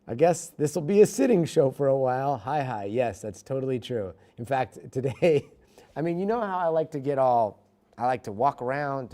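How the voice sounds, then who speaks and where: A man's voice: medium pitch, animated, a little slow, dark tone. A middle-aged man, a news anchor, chatting casually with livestream viewers from a studio, self-mocking and reading comments aloud.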